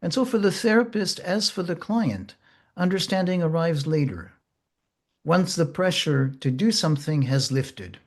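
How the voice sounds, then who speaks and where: A man teaches therapy in an unhurried, thoughtful way. His voice sits a little higher than most men's, and he takes his time, easing in fillers and pauses as he goes. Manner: slow, gentle, measured with pauses and fillers. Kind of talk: reflective teaching talk.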